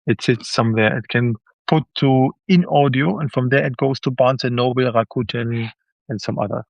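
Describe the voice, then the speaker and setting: A man's voice: mid-range voice, normal speed, gravelly, dry recording, lo-fi sound. A man with a German accent, native German speaker, chatting as a guest author in an interview and acting out quoted reactions. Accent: German, with some Swiss. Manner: animated, acts out quoted reactions. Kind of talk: casual interview chat.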